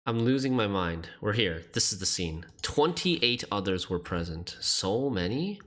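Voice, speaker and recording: A man's voice: fairly low pitch, expressive, measured pace, fairly bright tone. A man streaming a game, thinking aloud as he works through a puzzle and questions himself.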